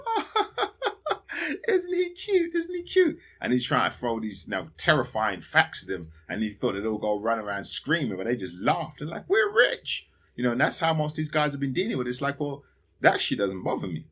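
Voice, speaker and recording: A man's voice: lowish voice, fairly bright tone, husky. A man hosting a podcast, rambling and profane in a casual solo monologue, laughing often. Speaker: podcast host.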